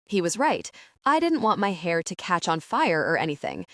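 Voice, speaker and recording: A woman's voice: lowish voice, big pitch swings, moderate pace, a bit bright, no echo, studio quality. A woman narrating an audiobook in first person, with a wry, sardonic storytelling manner.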